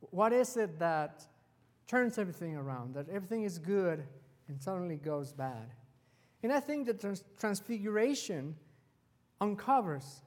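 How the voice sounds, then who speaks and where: A man preaching a sermon as pastor, telling the story with animated delivery and acting out the quoted lines. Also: sits high, big-room sound. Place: church sanctuary.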